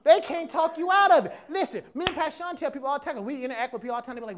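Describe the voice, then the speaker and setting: This pastor, notably high-voiced, delivers an animated sermon to his church congregation at a rapid-fire pace with hardly any pauses. His style is casual and relaxed as he impersonates others' voices and shifts from quiet asides to loud, forceful points.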